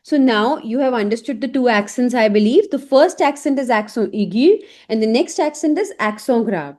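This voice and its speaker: Woman teaching slowly, repeating each word. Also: fairly high pitch, expressive, a little mellow. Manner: slow, repeats each word several times. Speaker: French teacher. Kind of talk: online language lesson.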